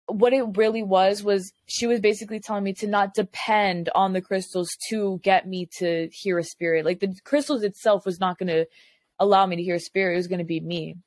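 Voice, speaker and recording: A woman in a relaxed podcast conversation, recounting an anecdote and playing out each side of the exchange in quick quoted lines. Her voice sits at an ordinary pitch and sounds dry and close to the mic. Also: no echo. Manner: animated retelling with quoted dialogue, frequent "I was like". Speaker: podcast guest. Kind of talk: casual storytelling chat. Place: lives in Florida.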